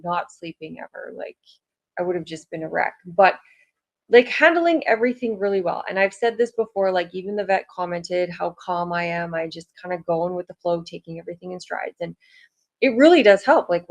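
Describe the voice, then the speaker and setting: A woman talking casually to her viewers, chatty and rambling, with lots of "like" fillers. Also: on the low side. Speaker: vlogger. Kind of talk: casual chat to camera.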